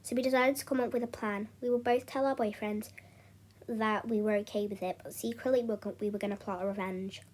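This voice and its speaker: A woman's voice: mid-range voice, steady tone, fast, a little mellow, slight background noise. A young woman casually narrating a storytime, chatty and loose, often restarting with "anyway, so".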